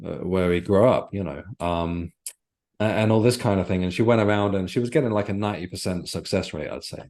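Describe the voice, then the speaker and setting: A man with a very low, deep voice, speaking as a guest author on a podcast. He tells his story in a reflective, earnest way and often stops to search for the right words. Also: darkish tone. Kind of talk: podcast interview, personal storytelling.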